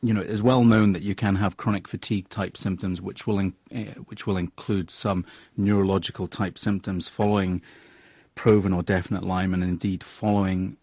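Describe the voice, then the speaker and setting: A man's voice: low-pitched, flat delivery, a little fast, darkish tone, slightly rough, no room sound, studio quality. A man speaking as a doctor on a radio phone-in, careful and hedging, often stumbling over repeated words. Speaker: doctor, medical guest. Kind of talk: cautious expert answers on air.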